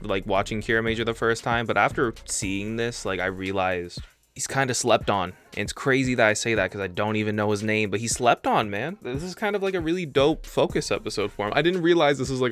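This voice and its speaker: A young man hosting casual reaction commentary, joking and animated, often restarting his phrases. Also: lowish voice. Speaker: reaction channel host. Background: faint background music.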